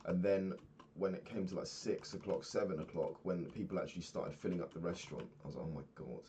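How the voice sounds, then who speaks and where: A young man talks through his day in a loose, rambling video diary. He swears freely and laughs often. His voice sits very low, with faint typing and a slight hiss under it. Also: fast talker, mellow. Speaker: vlogger. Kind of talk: casual video-diary chat while gaming.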